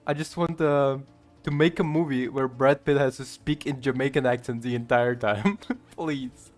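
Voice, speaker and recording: A man's voice: medium pitch, fairly even intonation, moderate pace, faint music behind. A man from Ukraine with a Ukrainian accent, rambling through casual gameplay commentary, chuckling and swearing often. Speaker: gamer streamer.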